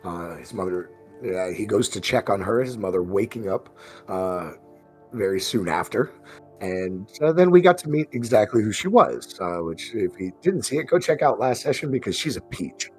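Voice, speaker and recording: A man's voice: fairly low pitch, expressive, moderate pace, faint music behind. A man game master recapping the last session of a tabletop game, rambling with fillers and restarts.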